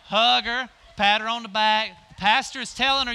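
A man's voice: very high-pitched, fairly even intonation, normal speed, bright, forceful tone, smooth. A middle-aged male pastor preaching a folksy sermon, directing volunteers through a live demonstration on stage.

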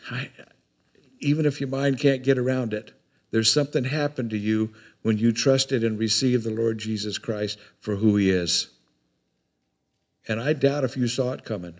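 Folksy older preacher. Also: male voice, medium pitch, normal speed. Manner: folksy, rambling, repeats words. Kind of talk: sermon.

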